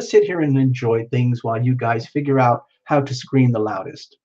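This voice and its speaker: A man's voice: medium pitch, normal speed, darkish tone, muffled recording. Playful man hosting a live stream. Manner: playful, chatty, reacting to comments. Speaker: livestream host. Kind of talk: casual livestream chat with viewers.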